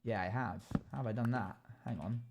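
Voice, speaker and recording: A young man live-streaming, chatting casually as he builds and thinking out loud while he answers chat. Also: fairly low pitch, fairly quick, noisy background.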